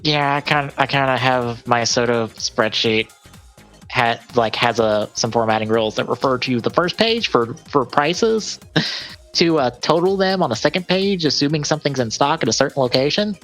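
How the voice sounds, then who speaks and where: On a gaming podcast with soft music in the background, a co-host talks in an expressive, slightly bright mid-range voice at a moderate pace. He chats casually while reading through game release lists, rambling, self-correcting, and laughing a lot.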